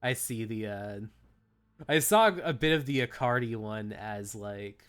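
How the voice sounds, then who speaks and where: Young male streamer, lowish voice, rambling casual chat and read-aloud narration. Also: measured pace, fairly bright tone, clean tone. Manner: rambling, many fillers, chatty. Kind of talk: live game stream, reading aloud and chatting.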